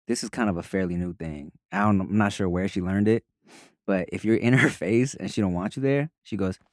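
Very deep, laid-back man. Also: a little fast, no echo, studio quality. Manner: laid-back, slangy, laughs along. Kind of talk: casual podcast chat.

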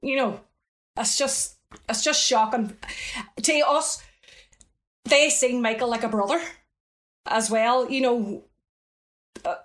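Chatty Northern Irish woman storyteller. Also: a little high. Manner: chatty, lively storyteller with frequent asides. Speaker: interview guest. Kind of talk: casual storytelling.

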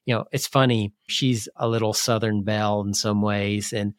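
A man's voice: lowish voice, little pitch movement, moderate pace, no echo, studio quality. A man co-hosting a podcast, chatty and telling stories casually. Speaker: podcast co-host.

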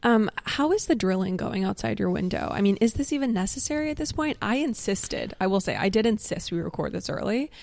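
A woman co-hosting a podcast in casual chat, asking brisk, teasing questions. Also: mid-range voice, expressive, vocal fry, darkish tone, no room sound. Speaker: podcast co-host.

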